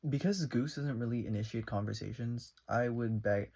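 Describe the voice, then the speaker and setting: A young man chats through a casual storytime, rambling and animated as he acts out each side of a conversation. His voice has a gravelly edge with a husky, breathy texture, and he keeps his pitch in an ordinary middle range. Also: moderate pace. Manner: rambling, animated retelling full of fillers. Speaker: vlogger.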